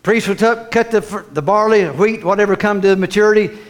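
A man preaching a fervent sermon, repeating phrases and rising to shouts. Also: high-pitched, brisk.

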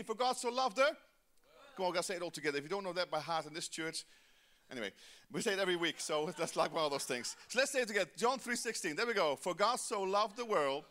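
A man with a high, bright voice preaches a sermon in church. He urges the congregation to answer back and say the verses with him. He moves from loud, drawn-out emphasis to quick, quieter asides. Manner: exhorting the congregation, calls for responses. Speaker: pastor.

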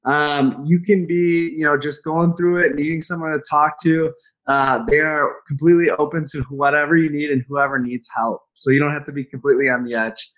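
Upbeat higher-voiced male co-host. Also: fairly even intonation, fairly quick, a bit bright. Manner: upbeat and enthusiastic. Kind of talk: casual podcast chat.

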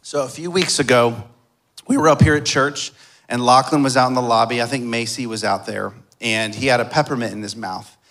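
A man preaching a sermon as a pastor, telling a personal story, his voice moving from soft and hushed to loud and emphatic. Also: mid-range voice, fairly quick.

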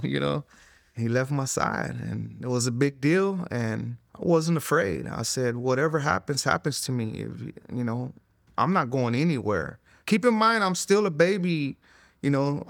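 A middle-aged man telling his testimony in an interview, earnest and conversational, full of "you know" fillers and dropping to a hush at emotional moments. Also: mid-range voice, vocal fry, no echo, studio quality. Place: recorded interview in a studio room.

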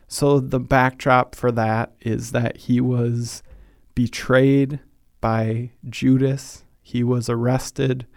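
Slow, flat-voiced man hosting a podcast. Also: medium pitch, clean tone, no echo, studio quality. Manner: earnest, thoughtful, slows down on solemn points. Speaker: podcast host. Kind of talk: reflective faith podcast talk.

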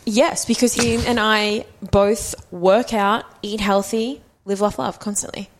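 A woman's voice: medium pitch, steady tone, unhurried. A young woman co-hosting a podcast, telling rambling stories in a laid-back, casual way. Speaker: podcast co-host. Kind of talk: casual chat.

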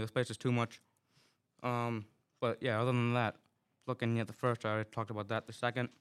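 Man, Massachusetts accent, fill-in weatherman, rambling, exasperated, mid-pitched, clear voice. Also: a bit bright. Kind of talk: casual comic monologue.

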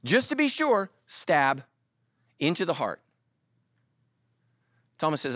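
Animated joking pastor, lively man's voice. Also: on the high side, takes it slowly, no echo, clean studio sound. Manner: animated storytelling with jokes and acted-out quotes. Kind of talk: sermon.

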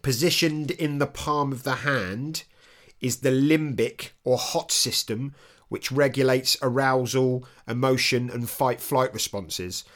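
A podcast host chatting with a guest in an easy, jokey way. The host often breaks into laughter partway through a sentence, then slows right down to read passages aloud. The voice sits at a middling pitch. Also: fairly bright tone. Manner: reads book passages aloud slowly. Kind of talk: casual chat interview.

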